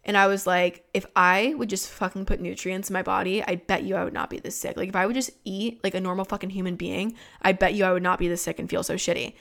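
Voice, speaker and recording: A woman's voice: medium pitch, steady tone, fast talker, vocal fry, few pauses, fairly bright tone. A young woman in her twenties, a podcast host telling a personal story in a frank, casual way, swearing often and filling her talk with "like". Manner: frank and swearing, many "like" fillers.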